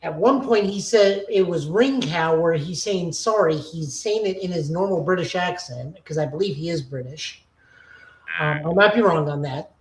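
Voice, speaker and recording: A woman with a lowish voice speaks at a moderate pace while co-hosting a casual podcast chat. She gives an opinionated, nitpicky review, and the recording sounds roomy and echoey.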